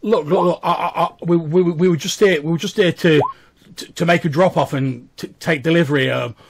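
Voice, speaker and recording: Man voicing a jittery male drug runner, stammering, pleading, pitched up, gravelly, husky. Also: fairly even intonation, normal speed, noisy background. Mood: panicky.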